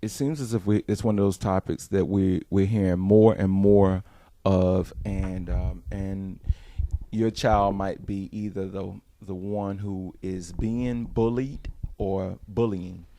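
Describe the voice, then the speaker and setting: A middle-aged man chatting on a radio talk show, low in pitch with a dark, mellow tone. He rambles conversationally, often restarting his sentences as he works through a thought. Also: steady tone, slow pace. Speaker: co-host. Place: radio studio.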